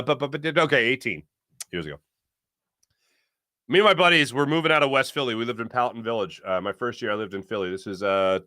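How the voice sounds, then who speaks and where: A man in his late thirties, a sports show host, telling a story in a casual, animated way, laughing often and acting out the quotes. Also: a little high, dry recording, clean studio sound.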